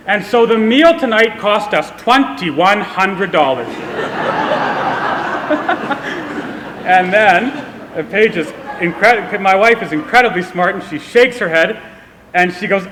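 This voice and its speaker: A man's voice: high-pitched, takes it slowly, pauses often, fairly bright tone, slight background noise. A young man from Canada giving a public speech, telling a humorous, self-deprecating story. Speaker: speaker. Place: event hall. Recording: echoey hall with long reverb.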